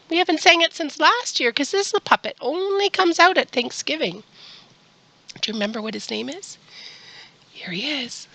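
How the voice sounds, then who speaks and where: A woman's voice: high-pitched, bright, forceful tone, no room sound. A woman librarian leading a children's storytime, reading a picture book aloud and asking the children coaxing questions.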